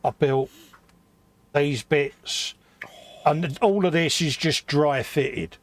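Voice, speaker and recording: A man's voice: a little high, slow, no echo. A man co-hosting a live hobby stream, bantering in a slangy way and jokingly boasting as he builds a model.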